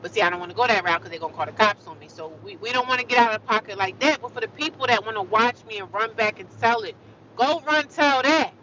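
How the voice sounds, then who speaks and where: A woman's voice: mid-range voice, racing, hardly any pauses, sharp tone, highs cut off. A woman ranting on a live stream, emphatic and fiery, repeating and drawing out her phrases. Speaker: livestreamer.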